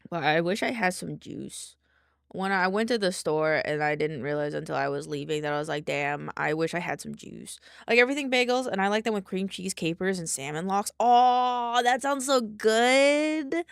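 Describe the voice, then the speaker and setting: A woman's voice: on the low side, normal speed, vocal fry, clean tone, dry recording, studio quality. A young adult woman streaming, chatting loosely with her viewers and swearing casually as she reads chat aloud.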